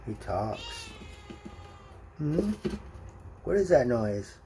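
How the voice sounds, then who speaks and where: A man speaks slowly and gently, his voice mellow and warm in tone as he coos to his cat. He chats casually for a vlog, drawing out his words in a soft, affectionate way. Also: medium pitch, very animated, a little hiss or hum. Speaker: vlogger. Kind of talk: casual chat and talking to a pet.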